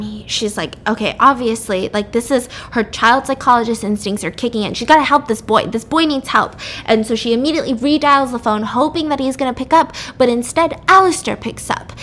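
A woman hosting a podcast, retelling a true story in a chatty, animated way, swearing casually and filling with "like" and "you know.". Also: fairly high pitch, a little fast, a little hiss or hum.

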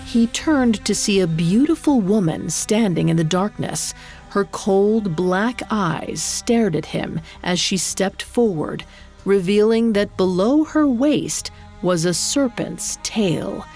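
Slow gravelly woman narrating a myth. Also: medium pitch, lively intonation, darkish tone. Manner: measured, dramatic storytelling. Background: faint music.

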